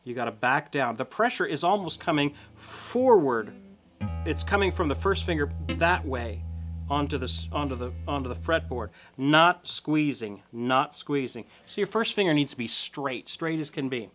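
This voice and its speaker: A man's voice: on the high side, lively intonation, normal speed, a bit bright. A middle-aged man teaching a guitar lesson step by step, encouraging and counting along, often checking in with "okay?".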